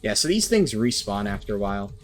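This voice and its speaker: A young woman streamer giving casual gameplay commentary at her home desk, swearing a lot and turning panicky and excitable. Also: rumbling low, fairly quick. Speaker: gaming streamer.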